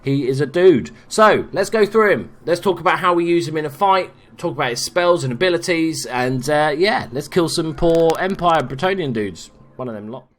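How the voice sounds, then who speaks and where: A man's voice: a little high, lively intonation, moderate pace, hardly any pauses, fairly bright tone. A man hosting a casual gameplay guide, talking in an offhand, joking way with frequent asides. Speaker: game guide host.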